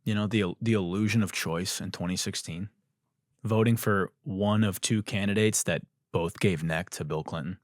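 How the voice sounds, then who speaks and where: A man's voice: sits low, fairly even intonation, normal speed, dry recording, clean studio sound. A man hosting a comedy podcast, delivering a mocking satirical monologue. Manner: ranting, mocking, shouts and laughs.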